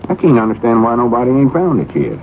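An actor playing a slow-talking, easily embarrassed country storekeeper with a drawl, in 1940s radio comedy. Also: male voice, mid-range voice, very animated, slight background noise. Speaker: general store keeper. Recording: tinny old radio broadcast recording.

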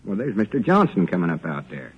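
An actor playing a folksy middle-aged country storekeeper, in an easygoing drawl, in 1940s radio acting. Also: male voice, sits low, wildly swooping pitch, quick pace, slightly rough, muffled recording, exaggerated voice.

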